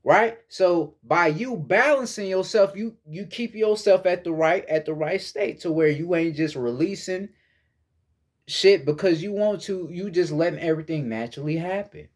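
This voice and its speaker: A man's voice: high-pitched, moderate pace. A young man giving a casual spoken lesson on meditation, blunt, profane and preachy, often repeating words as he searches for phrasing. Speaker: spiritual teacher.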